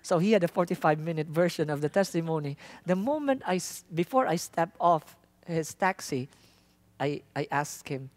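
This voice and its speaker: A man from the Philippines, a traveling missionary telling a lively testimony in a sermon, laughing often and acting out the people in his story. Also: on the high side, moderate pace. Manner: animated, laughs often, acts out quoted lines.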